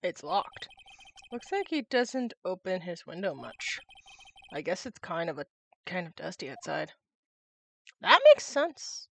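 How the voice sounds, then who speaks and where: A woman's voice: on the low side, very animated, unhurried, vocal fry. A young woman chatting casually while streaming a game, giggling and reading game text aloud. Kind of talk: casual chat while gaming.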